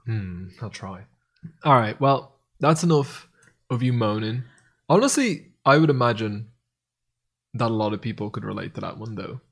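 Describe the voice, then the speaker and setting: Man, podcast co-host, casual chat, husky, lively pitch, rambling, sweary. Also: moderate pace, long pauses. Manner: animated, rambling, swears freely.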